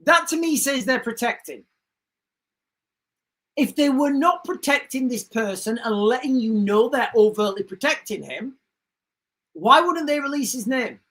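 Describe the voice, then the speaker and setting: A woman's voice: fairly high pitch, lively intonation, measured pace, long pauses, fairly bright tone, rough recording. A woman hosting a livestream, talking in an indignant, rambling way and often repeating herself. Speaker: livestream host. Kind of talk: casual livestream commentary.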